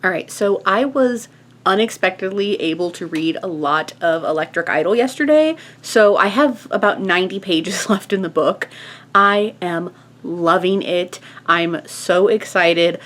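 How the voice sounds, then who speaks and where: A woman's voice: on the low side, measured pace, a bit bright. A young woman chatting casually in an upbeat book vlog, with fillers and small laughs. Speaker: book vlogger.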